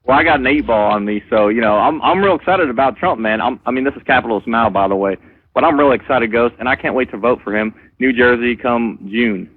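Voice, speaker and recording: A man calling in to a radio show, rambling and excitable. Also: medium pitch, fairly quick, no room sound. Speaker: caller. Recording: tinny phone-line call.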